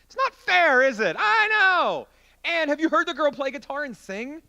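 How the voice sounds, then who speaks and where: A man's voice: very high voice, sing-song, moderate pace, creaky, bright, forceful tone, highs cut off. A man preaching as a youth pastor in an interactive youth group sermon, playful and joking with volunteers.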